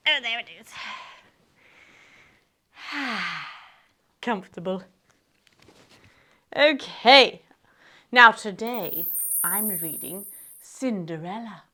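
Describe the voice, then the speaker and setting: Playful high-voiced woman storyteller. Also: animated, slow pace, long pauses, bright, forceful tone. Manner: playful, silly, chatty asides to the audience. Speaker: children's storyteller. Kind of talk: read-aloud storytelling for kids. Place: outdoors in a garden.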